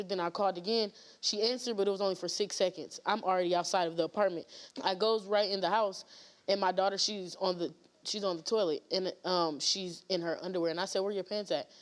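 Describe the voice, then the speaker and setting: Rambling woman guest, full of fillers. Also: mid-range voice. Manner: rambling, many fillers and restarts. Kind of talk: emotional storytelling on a talk show.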